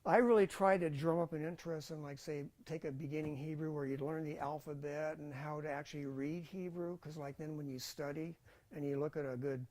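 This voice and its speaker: A man's voice: fairly high pitch, steady tone, fairly quick, darkish tone. Man teaching a casual classroom lecture. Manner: informal, thinks aloud, with many fillers and restarts. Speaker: Bible college teacher.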